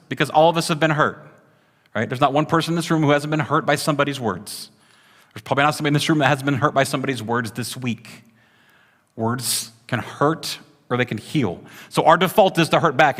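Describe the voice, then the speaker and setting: A man's voice: a little high, fairly bright tone, in a large hall. A man preaching a sermon to a congregation, chatty and talking with the room, often checking in with "right?". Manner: conversational, frequent "right?" tag questions. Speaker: pastor.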